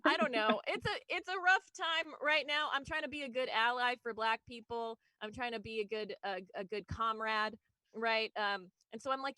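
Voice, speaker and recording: A woman doing a stand-up comedy set, her voice sitting on the higher side. She rambles, leans on fillers and small laughs, and turns every joke back on herself. The sound is dry and close. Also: moderate pace, sharp tone, no room sound, low-quality recording. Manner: rambling, self-deprecating, frequent fillers and laughs. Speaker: stand-up comic.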